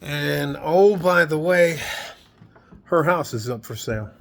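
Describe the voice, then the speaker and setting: A man's voice: a little high, animated, takes it slowly, creaky, a bit bright, a little hiss or hum. A man vlogging in his home garage, talking in a rambling, profane, worked-up way. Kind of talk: casual vlog monologue.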